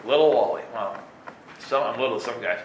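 A man telling stories from his life in an animated way, laughing and acting out voices. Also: mid-range voice, moderate pace, background noise. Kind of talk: storytelling talk. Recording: echoey room with faint ambience.

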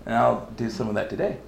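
A man preaches through a personal story, acting out each voice, with his pitch swinging widely. The room is very echoey, with a faint hiss underneath. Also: creaky. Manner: animated storytelling, acts out dialogue, laughs often. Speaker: lay preacher, teacher. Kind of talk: story-driven sermon.

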